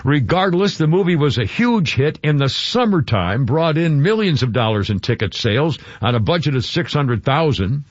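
A man hosting a casual radio show, chatty and quick to laugh, thinking aloud as he talks. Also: on the high side, very animated, dry recording, lo-fi sound. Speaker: radio host.

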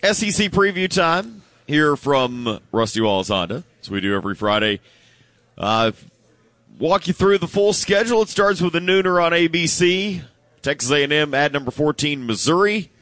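A man's voice: on the high side, big pitch swings, moderate pace, fairly bright tone, dry recording. Wry man co-hosting sports radio. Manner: casual, wry, rambling asides. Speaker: radio co-host.

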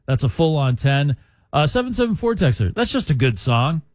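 A man's voice: fairly high pitch, normal speed, no echo. Jokey male radio DJ. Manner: jokey, animated, reads listener texts. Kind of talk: casual radio chat. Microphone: studio mic. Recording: dry studio sound.

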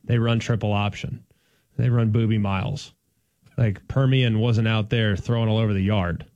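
A man's voice: on the low side, normal speed, no room sound, muffled recording. A man from the Dallas-Fort Worth area, co-hosting a sports talk show in a playful, emphatic way. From Dallas-Fort Worth, Texas. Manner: animated, playful, emphatic storytelling. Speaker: sports radio co-host.

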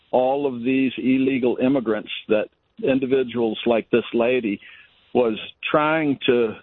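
An older male caller from Virginia, with a mid-range voice, gives his opinions on call-in radio emphatically and ramblingly. The recording is dry, over a dry phone line.

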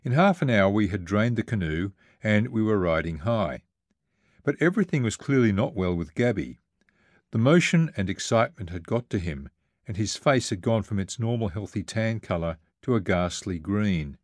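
A man reading a first-person travel memoir aloud, in a measured and vivid storytelling manner. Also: lowish voice, lively intonation, dry recording, studio quality. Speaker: narrator. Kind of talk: first-person audiobook narration.

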